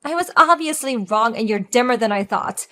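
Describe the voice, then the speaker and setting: A woman playing a divorced wife with a fairly high voice and a cutting, sarcastic way of talking to her ex. She sounds mocking and unimpressed, with faint music playing behind her in this audio drama. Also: animated, moderate pace, a bit bright.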